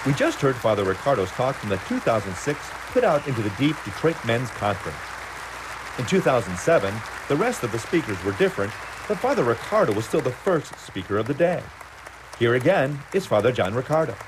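A man introducing a recorded talk as a program announcer, quick and lively. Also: medium pitch, a crowd in the background. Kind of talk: radio-style introduction. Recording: noisy crowded backdrop.

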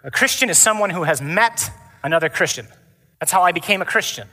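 A man preaching to a conference of men, lively and emphatic, sometimes reading scripture in a mock monotone. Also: sits high, fairly quick, faint music behind. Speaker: priest. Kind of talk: conference talk sermon. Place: large conference hall. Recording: echoey conference hall with crowd.

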